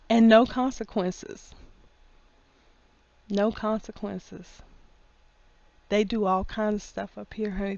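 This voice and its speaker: A woman in a casual opinion monologue, folksy and full of endearments, laughing often and getting loud when worked up. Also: medium pitch, dry recording, muffled recording. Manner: folksy, drawls endearments like honey and baby. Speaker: vlogger.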